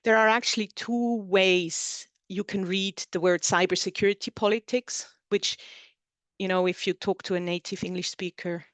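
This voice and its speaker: A woman's voice: mid-range voice, fairly even intonation, normal speed, no room sound. A woman whose first language is German, presenting her book in an online seminar talk and explaining her points in lists. She speaks over a video call.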